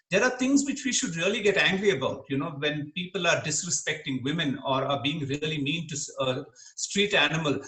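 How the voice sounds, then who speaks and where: A middle-aged man from Kerala, speaking as an interview guest in an earnest, animated way and laughing easily. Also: on the high side. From Kerala, India. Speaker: interview guest, dermatologist and comedian. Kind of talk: reflective interview talk. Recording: echoey room.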